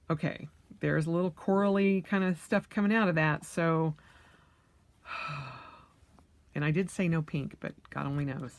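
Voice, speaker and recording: A woman in her late thirties chatting her way through a casual unboxing vlog, thinking aloud with fillers and excited squeals. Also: low voice, takes it slowly, long pauses, no echo. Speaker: vlogger.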